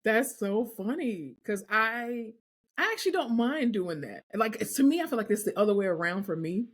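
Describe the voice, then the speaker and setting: A woman co-hosting a podcast in casual chat, with a deep speaking voice, relaxed and full of likes and fillers. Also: moderate pace, slightly rough. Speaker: podcast co-host.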